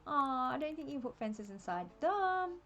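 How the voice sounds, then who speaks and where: An Australian woman streaming a game, chatting and thinking aloud in a relaxed, laughing way. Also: high voice, brisk. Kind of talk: casual live-stream commentary.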